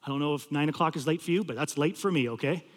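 A male campus pastor delivers a sermon in a storytelling way, pressing hard on some lines and dropping to a hush on others. His voice sits fairly high for a man. A long hall reverb trails after his words. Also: fast talker. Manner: storytelling, swinging from loud pleading to hushed low tones.

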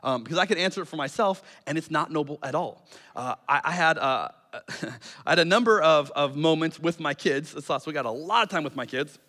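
A man in his thirties preaching a sermon as a pastor, telling stories in a relaxed, self-deprecating way and acting out quotes. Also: a little high. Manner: conversational, self-deprecating storytelling with quick acted-out quotes. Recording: long hall reverb.

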